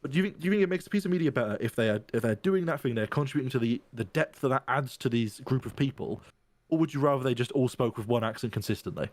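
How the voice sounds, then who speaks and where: A man's voice: medium pitch, lively intonation, fast, no echo. A man in casual podcast chat, thinking aloud and rambling through restarts as he argues his point.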